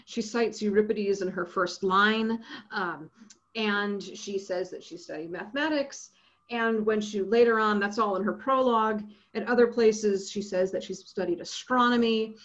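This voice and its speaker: A woman giving an academic lecture, lively and often checking in with her listeners. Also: medium pitch, moderate pace, highs cut off. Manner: lively, checks in with frequent "right?".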